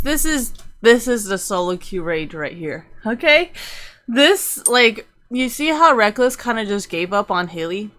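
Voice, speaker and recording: A woman's voice: mid-range voice, expressive, unhurried, pushed and bright. A young woman streamer giving rambling, profane, casual commentary on a game, laughing often.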